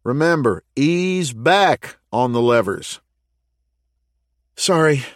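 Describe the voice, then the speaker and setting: A man's voice: mid-range voice, animated, takes it slowly, no room sound, studio quality, pitched above the performer's own voice. A man voicing a teasing male shift boss on an audiobook, raising his voice. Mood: instructive.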